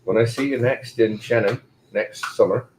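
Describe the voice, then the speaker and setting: A man's voice: mid-range voice, fairly even intonation, normal speed, a little mellow, a little hiss or hum, rough recording. A man at a whiskey tasting, chatting casually and reciting jokey toasts. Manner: joking, gives rhyming toasts.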